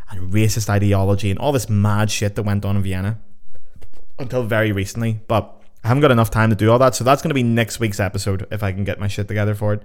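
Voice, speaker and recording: A man hosting a podcast, counting down results like a game show in a sweary, jokey, excitable way while on a sugar high. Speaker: podcast host.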